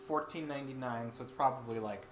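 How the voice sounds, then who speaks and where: A man co-hosting a casual game playthrough, teasing and quick with jokes. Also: medium pitch, reverberant, over music. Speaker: gaming let's play co-host.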